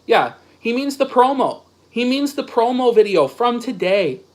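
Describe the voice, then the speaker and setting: Male streamer with a high voice, profane ranting commentary. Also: big pitch swings, a little slow. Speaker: streamer host. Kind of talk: angry commentary reading posts aloud.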